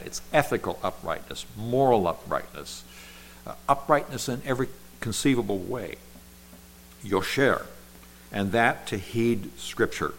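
A man with a fairly low voice preaches a Bible sermon. He punches key words and stretches them out for emphasis. A faint hum sits under the recording. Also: a bit bright, poor audio. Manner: emphatic, drawn-out words with Hebrew terms.

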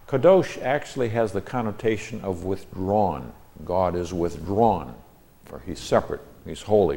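A man teaching a Bible lesson, reading the verses aloud in a measured, deliberate way and then explaining them word by word. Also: low-pitched, darkish tone.

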